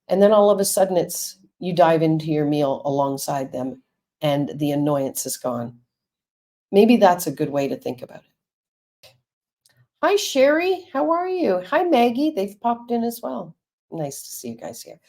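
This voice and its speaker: A woman's voice: low voice, warm tone. A woman, a counselor and Reiki teacher, talking frankly and reassuringly to viewers in a live stream.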